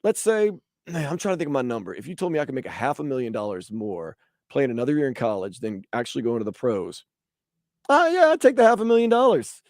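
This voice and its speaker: Lively sports radio host, man. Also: medium pitch, quick pace, no room sound, studio quality. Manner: animated, acts out quotes in voices. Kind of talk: casual sports talk.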